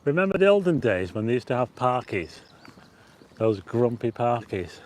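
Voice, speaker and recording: A man hosts a live walking vlog through a city park, talking loosely and warmly to his viewers. His voice sits mid-range for a man, and a faint outdoor hiss with birds runs underneath. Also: mid-range voice, very animated, moderate pace. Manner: chatty and rambling, greets viewers and reads out chat. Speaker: livestream host. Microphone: plug-in mic on a phone with a stabilizer.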